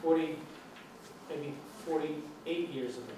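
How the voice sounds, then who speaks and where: A man's voice: fairly high pitch, steady tone, takes it slowly. Older New York man lecturing in an echoey hall. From New York City. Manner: chatty, rambling, with fillers and restarts. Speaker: guest lecturer. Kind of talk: relaxed lecture Q&A. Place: large lecture room. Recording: echoey room, far mic, faint noise.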